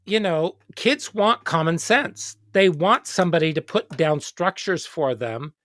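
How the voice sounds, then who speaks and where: An educator hosts a casual interview, their pitch moving a lot as they tell stories and quote others. The sound is dry and close. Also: a little slow, dry recording. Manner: expressive storyteller, quoting others. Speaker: host, educator.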